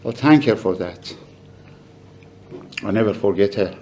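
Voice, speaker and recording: An older man giving a halting, emotional memorial speech for his mother. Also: fairly low pitch, a little hiss or hum. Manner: halting, emotional, soft-spoken. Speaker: family member giving a eulogy.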